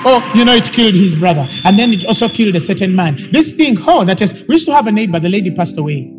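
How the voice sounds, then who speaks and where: Before a congregation in a church hall, a man delivers a sermon in a strikingly high, very lively voice, talking fast. He builds emphatically, rising into shouted, repeated lines, with music clearly audible behind him.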